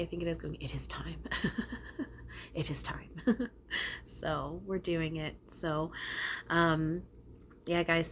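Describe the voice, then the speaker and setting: A woman's voice: low-pitched, slight background noise. A woman channeler talking casually to her viewers, rambling and earnest with some casual swearing. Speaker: spiritual channeler. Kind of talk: casual spiritual talk to viewers.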